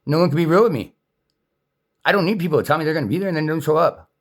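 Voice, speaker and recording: A man's voice: a little high, very fast. A man in an angry, unscripted rant, talking in a heated, profane and repetitive way.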